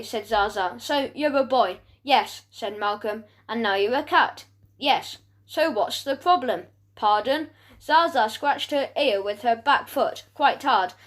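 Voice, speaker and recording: A woman's voice: high voice, fairly bright tone. A woman narrating a children's audiobook, voicing several animal characters.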